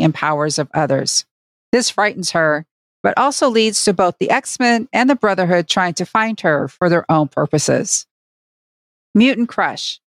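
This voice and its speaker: A woman's voice: medium pitch, dry recording. A woman co-hosting a fan podcast, reading episode summaries and chatting. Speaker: podcast co-host. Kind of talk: casual podcast chat.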